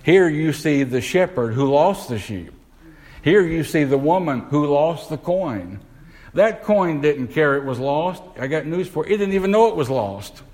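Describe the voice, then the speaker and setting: A man preaching a sermon, putting questions to the congregation and slowing down to stress key words. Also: a little high, expressive, a little mellow, poor audio.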